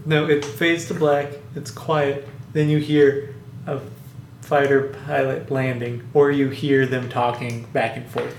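A man's voice: medium pitch, flat delivery, measured pace, vocal fry. A man chatting casually and retelling a movie plot, rambling with lots of fillers. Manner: rambling, hesitant, many fillers. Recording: echoey room, faint background noise.

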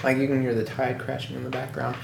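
A man's voice: medium pitch, monotone, quick pace, gravelly. A man in casual chat, playful and joking, arguing for his version of things. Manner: jokey, laughs easily, argues his version. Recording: echoey room, faint background noise.

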